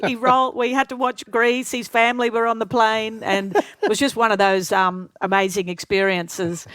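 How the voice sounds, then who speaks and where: Older woman telling lively stories. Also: medium pitch, no room sound. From Australia. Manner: lively anecdotes, acts out quoted voices. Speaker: interview guest. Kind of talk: storytelling interview.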